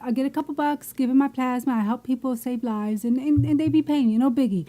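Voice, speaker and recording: A woman co-host spins a casual, emphatic story full of swearing. Her voice sits high, with a soft, dark tone rather than any sharpness. She talks with lively, animated energy. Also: fast. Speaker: podcast co-host.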